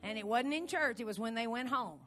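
A woman's voice: fairly high pitch, lively intonation, fairly quick, fairly bright tone, faint music behind. A woman preaching in a church service, trading jokes with a co-preacher and calling out praises. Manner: exclamatory, praising, jokey. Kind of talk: lively preaching with banter.

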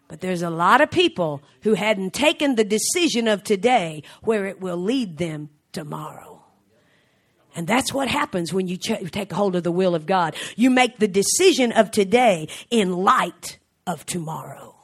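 A middle-aged woman preaching a fervent sermon, swinging from soft, slow passages to shouted exclamations and frequent laughter. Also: medium pitch, lively intonation. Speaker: traveling preacher.

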